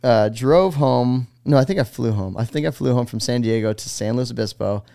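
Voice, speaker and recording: A man's voice: mid-range voice, normal speed, gravelly, warm tone, no echo, clean studio sound. A man in his forties from the United States, a guest on a casual interview podcast, telling stories in a rambling, laid-back way full of fillers. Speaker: guest, pro BMX rider.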